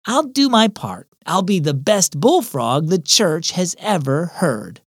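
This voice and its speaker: A man's voice: high voice, sing-song, slow pace, slightly rough, no room sound, clean studio sound, full character voice. A man voicing a young girl who sulks about her boring choir part, with a whiny, pouting manner. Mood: sulky.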